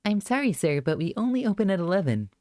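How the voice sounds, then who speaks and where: A man's voice: high-pitched, very animated, fast, mellow, voice pushed up. A man doing a polite pizza-place phone lady. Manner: polite, apologetic.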